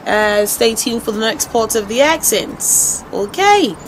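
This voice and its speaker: A woman's voice: a little high, lively intonation, a little slow, low-quality recording. A woman in her twenties putting on an Australian accent, voicing a cheery young woman for an accent demo. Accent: put-on Australian. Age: 20s.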